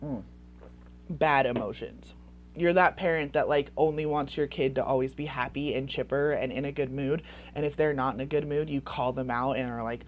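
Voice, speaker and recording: Chatty low-voiced woman giving parenting advice. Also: normal speed. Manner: chatty, heavy use of "like" fillers. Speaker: parenting coach. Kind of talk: casual advice talk to camera.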